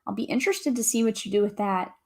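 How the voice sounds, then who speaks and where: A woman's voice: mid-range voice, fast, a little mellow. Upbeat woman hosting a livestream. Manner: upbeat, reads viewer comments aloud. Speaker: livestream host. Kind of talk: casual livestream chat.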